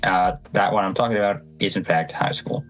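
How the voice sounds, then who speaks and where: Brief: Scottish co-host, very low voice, dry and hesitant, faint music behind. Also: male voice, a little fast, low-quality recording. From Scotland. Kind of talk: casual livestream chat.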